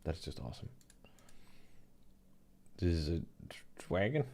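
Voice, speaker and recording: A young man hosting an art livestream, rambling and joking in a relaxed chat while he laughs and swears. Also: low voice, measured pace, creaky. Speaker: livestream host and digital artist.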